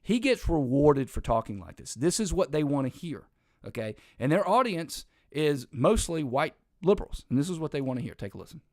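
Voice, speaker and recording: A man's voice: on the high side, very animated, brisk, no room sound, clean studio sound. A man hosting an opinionated political commentary show, talking emphatically and in a rambling way, with frequent restarts and sarcastic asides.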